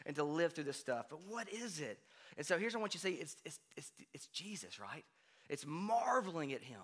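A man preaching a sermon in a conversational way, often checking in with "right?" and swinging from hushed to loud. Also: on the high side, fairly quick, breathy edge. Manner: conversational, frequent "right?" asides, animated swings from quiet to loud. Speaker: pastor.

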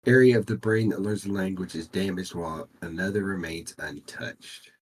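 A man's voice: low voice, fairly even intonation, normal speed, breathy edge, low-quality recording. A man co-hosting a casual comedic chat, explaining things in a dry, matter-of-fact way. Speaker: podcast co-host.

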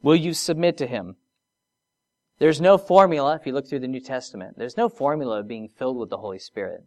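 A preacher giving a sermon, moving between soft, drawn-out phrases and emphatic rises, with conversational asides and rhetorical questions. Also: medium pitch.

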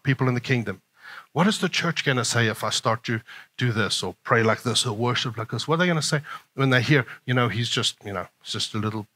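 A male pastor preaching a sermon in an animated way, often chuckling. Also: medium pitch.

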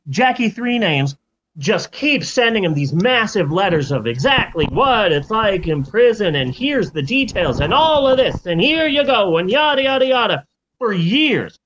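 A man's voice: high voice, a bit bright. A man telling a story in a rambling, jokey comedic way, on a dull lo-fi recording.

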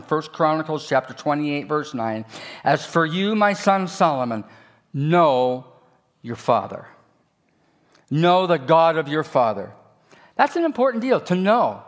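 Male pastor, high voice, animated storyteller, shifts between loud and hushed. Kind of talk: sermon.

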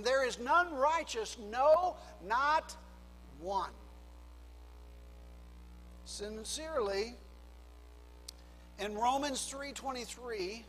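Man preaching slow and deliberate, high pitched, faint hum behind, long reverb. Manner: preaching with dramatic drops to a hush and rising emphasis. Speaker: pastor. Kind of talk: sermon.

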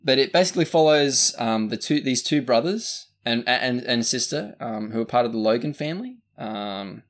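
An Australian man co-hosting a casual podcast rambles through a movie review, full of fillers and restarts. His mid-range voice has lively intonation at normal speed.

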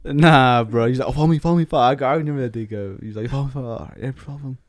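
A man's voice: medium pitch, racing, no room sound, clean studio sound. A young man trading teasing, slangy stories with his friends. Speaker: friend in conversation. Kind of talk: casual chat.

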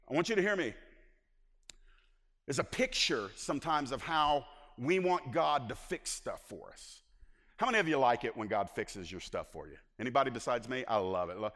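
A man preaching a sermon as pastor, swinging between loud emphatic lines and hushed asides. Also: mid-range voice, animated, moderate pace, in a large hall.

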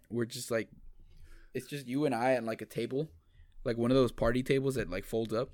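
A man's voice: medium pitch, fairly even intonation, moderate pace, a little mellow, no echo. Young guy co-hosting a podcast, rambles and swears a lot, dead dry mic. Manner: rambling, profane, restarts a lot. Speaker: podcast co-host. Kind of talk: casual chat.

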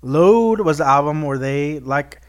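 A man's voice: fairly high pitch, expressive, measured pace. Brash, joking male podcast host. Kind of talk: casual chat.

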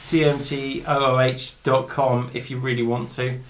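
A man's voice: medium pitch, moderate pace. A man co-hosting a casual podcast, laughing and chatty as he signs off. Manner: laughing, animated sign-off. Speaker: podcast co-host. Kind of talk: casual chat. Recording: roomy with faint background noise.

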